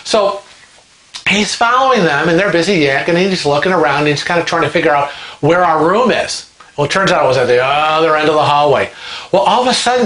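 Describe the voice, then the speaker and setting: A man hosting a vlog, telling a story in a chatty, animated way and acting out the people in it. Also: a little high. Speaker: vlog host. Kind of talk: casual storytelling. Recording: roomy echo.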